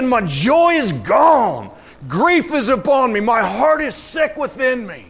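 A man preaching a sermon, reading scripture aloud in a slow, fervent way that rises to emotional emphasis. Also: extremely high pitch, big pitch swings, gravelly.

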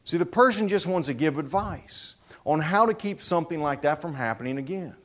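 Animated, high-voiced male preacher. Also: brisk. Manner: animated, dramatic storytelling. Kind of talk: sermon storytelling.

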